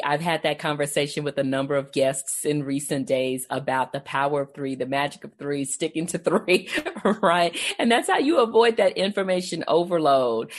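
An American woman hosting a podcast interview, asking open questions and laughing easily. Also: deep voice. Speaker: podcast host. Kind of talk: casual interview chat.

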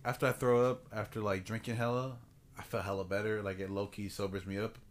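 A man's voice: lowish voice, level tone, brisk, slight background noise. A man co-hosting a casual podcast, telling a profane party story with lots of laughter and acted-out quotes. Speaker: podcast co-host. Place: room at home.

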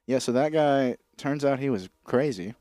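A man in his twenties co-hosting a podcast, telling stories in a deadpan, sweary way. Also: medium pitch, normal speed, no room sound, studio quality. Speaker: podcast co-host. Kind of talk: casual storytelling chat. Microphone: studio microphone.

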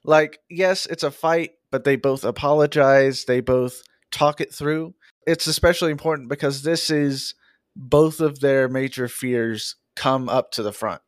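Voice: mid-range voice, fairly even intonation, unhurried, no room sound, clean studio sound. A podcast guest chatting enthusiastically about a book. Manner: enthusiastic, fan-like. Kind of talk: casual book-club chat.

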